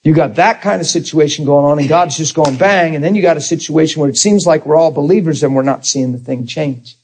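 A man's voice: on the high side, a little fast, a little mellow, slight background noise. A man, preaching a sermon and telling a story while acting out the dialogue.

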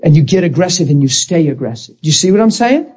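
Man, fairly high voice, teaching a healing class, animated storyteller who acts out quotes. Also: fast, husky. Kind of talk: informal teaching talk.

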